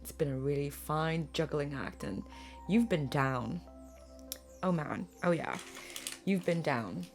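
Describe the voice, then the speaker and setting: A woman in the middle of a tarot reading, talking straight to her viewers in a lowish voice. She speaks earnestly and gets emotional, trailing off and looking for the right words. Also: takes it slowly, pauses often, faint music behind. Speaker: tarot reader.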